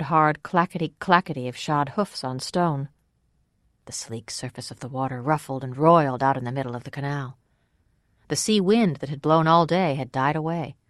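An audiobook narrator reading a novel in first person with measured, even storytelling. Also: medium pitch, no room sound, clean studio sound. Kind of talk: scripted narration.

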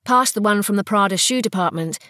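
A woman's voice: mid-range voice, fairly quick, a bit bright, dry recording. Woman reading fiction, dry close sound. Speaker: audiobook narrator. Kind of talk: scripted fiction narration.

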